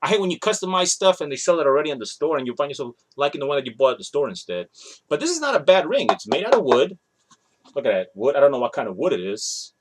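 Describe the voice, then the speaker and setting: A man in his thirties rambles casually through a show-and-tell vlog about his toy collection, often correcting himself mid-sentence. His voice is fairly high and very animated, and he talks fast over background noise.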